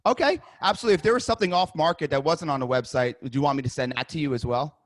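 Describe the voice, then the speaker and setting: A man runs a sales coaching session over a video call, role-playing an agent in an upbeat, conversational way. His voice sits somewhat high for a man. The sound is dry and close. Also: dry recording. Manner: upbeat, conversational, rapid restarts. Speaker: real estate sales coach.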